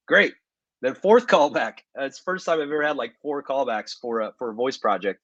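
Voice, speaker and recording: A man, an actor as interview guest, telling stories in a relaxed way with many fillers and asides. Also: mid-range voice, brisk, no room sound, dull audio. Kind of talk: casual interview storytelling.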